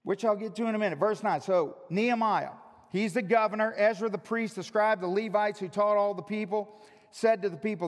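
A male pastor preaching a sermon, teasing his congregation and swinging from loud shouts to hushed, drawn-out emphasis. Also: high-pitched. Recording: long reverb of a large hall.

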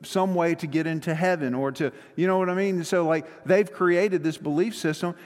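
A male pastor preaching a sermon in a conversational, joking way, rushing through some phrases. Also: fairly high pitch, in a large hall. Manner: conversational and joking, with quick rushes.

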